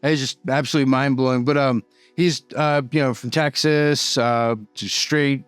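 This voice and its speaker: A man tells a story in a loose, rambling way, filling his sentences with "like" and "you know." His voice is smooth and clear and sits at an ordinary pitch. The sound is dry and close, with faint music underneath. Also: steady tone, normal speed, dry recording. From Boston. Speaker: YouTuber telling prison stories. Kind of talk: casual storytelling.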